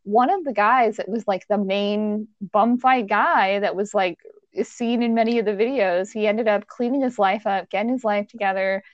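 A woman's voice: medium pitch, normal speed, dry recording, lo-fi sound. A woman in a casual chat, talking loosely with many fillers. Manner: talks in loose fillers and restarts.

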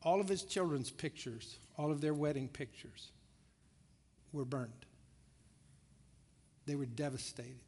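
Male pastor, fairly high voice, conversational storyteller, sermon in a big reverberant church hall. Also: lively intonation, measured pace, pauses often, darkish tone, slightly rough. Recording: long reverb of a large hall.

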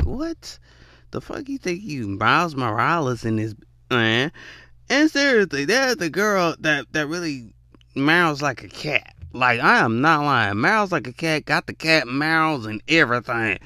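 Animated bright-voiced man reacting to clips. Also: mid-range voice, no room sound, studio quality. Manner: animated, laughs often, talks straight to viewers. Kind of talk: casual reaction commentary.

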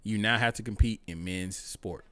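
A podcast co-host on a casual talk show speaks in a fairly low, clear, resonant voice at a moderate pace, recorded cleanly in a studio with no room sound. He's opinionated and provocative, loud and profane, often laughing and shouting.

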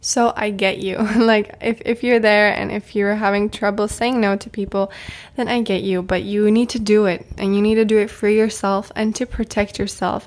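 A young adult woman talking casually to camera and giving advice, chatty, with frequent laughs and filler words. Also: mid-range voice. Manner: chatty, laughs often, many fillers and repeats.

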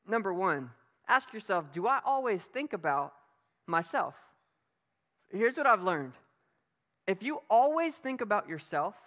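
A preacher delivers a sermon emphatically yet conversationally, putting rhetorical questions to the listeners. The voice is medium-pitched and a bit bright, with the long reverb of a hall.

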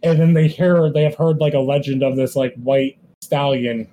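Man, casual movie chat host, mellow voice, faint noise behind. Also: mid-range voice, fairly even intonation, normal speed, low-quality recording. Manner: rambling, many "like" fillers. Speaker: podcast co-host.

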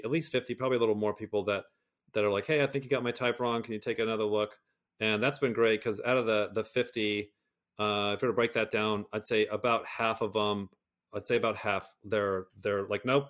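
Profane, animated middle-aged man. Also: fairly low pitch. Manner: profane, animated, rambling with many restarts. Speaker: guest, personality system creator. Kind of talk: candid interview conversation.

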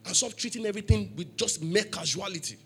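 A man's voice: high voice, fast talker, a bit bright, faint music behind. A man preaching a sermon in church, emphatic, asking the congregation questions for them to answer. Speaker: pastor.

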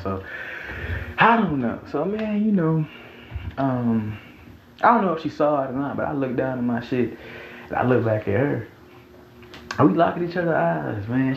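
A young Southern man from Mississippi tells a profane, rambling story, his gravelly voice leaping up and down in pitch. He repeats himself and laughs through it. The sound is echoey and a little dull, with a faint hiss behind him. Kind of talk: casual storytime vlog.

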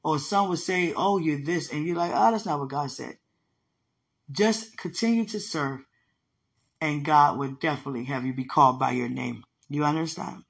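A woman's voice: low-pitched, moderate pace, vocal fry. A woman preaching in an emphatic, conversational way, teaching from a dream with repeated phrases. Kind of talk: sermon-style teaching about a dream.

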